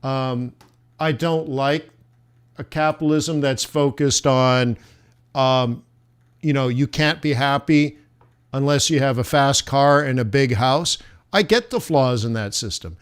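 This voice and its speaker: Speaking in an unhurried, smooth voice of medium pitch, this man hosts a forex trading livestream. He chats with his viewers, rambling loosely and making self-mocking jokes.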